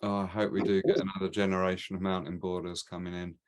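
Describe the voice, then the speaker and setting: A man with a British accent hosting a casual podcast interview, chatty and quick to laugh. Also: low-pitched, flat delivery, darkish tone, clean tone. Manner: chatty, laughs easily, many restarts. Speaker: podcast host.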